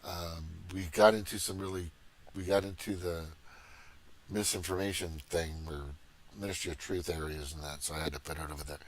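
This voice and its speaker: A low-voiced middle-aged man ranting on his livestream, swearing freely and circling back over his points. His talk wanders and restarts, heated and agitated throughout. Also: steady tone, moderate pace. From Missouri, USA. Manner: profane, rambling, agitated. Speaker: livestream host. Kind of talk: casual political rant.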